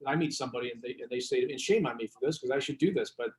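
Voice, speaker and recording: A man, a business coach, chatting as a guest and telling lively stories with asides and restarts. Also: mid-range voice, rapid-fire. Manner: animated storyteller, frequent restarts and asides. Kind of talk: casual interview chat. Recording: roomy echo.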